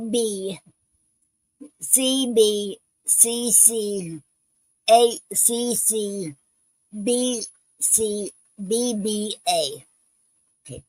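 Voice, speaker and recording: A woman's voice: mid-range voice, a little mellow, no echo, poor audio. A woman hosting a poetry show, reading poems and explaining a poetic form in a hesitant way, with many ums and restarts.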